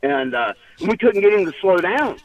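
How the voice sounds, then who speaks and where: A man's voice: high-pitched, very animated, normal speed, no echo, recorded from a distance. A man calling in to tell a story in casual chat, rambling with restarts and laughing often. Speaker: caller. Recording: tinny phone line.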